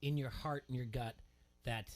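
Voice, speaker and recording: Male radio host, mid-pitched, loose rambling talk-show delivery. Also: fairly even intonation, normal speed, a little hiss or hum. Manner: rambling, self-questioning, conversational.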